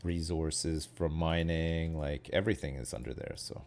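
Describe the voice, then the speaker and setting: A man's voice: a bass voice, fairly even intonation, moderate pace, darkish tone. A Canadian man chatting casually on a stream, rambling and often ending with "right?". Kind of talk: casual chat.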